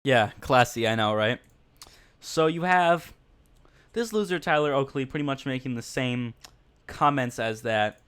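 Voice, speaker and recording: A man's voice: mid-range voice, animated, a little slow, a bit bright, slight background noise. A man hosting a podcast livestream, rambling casually in a blunt, mocking way and talking straight to his chat. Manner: blunt and mocking, with frequent fillers.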